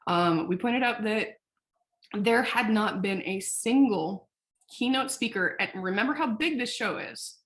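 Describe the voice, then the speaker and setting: A woman founder, a podcast guest, telling her story in a candid, animated way that is loose with swearing. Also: lowish voice. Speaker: founder of a sexual wellness company, podcast guest. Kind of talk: casual interview storytelling.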